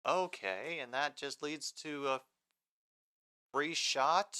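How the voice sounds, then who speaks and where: A man's voice: a little high, takes it slowly, long pauses, sharp tone, clean tone. A man hosting a casual live sports stream, rambling between game commentary and replies to chat comments.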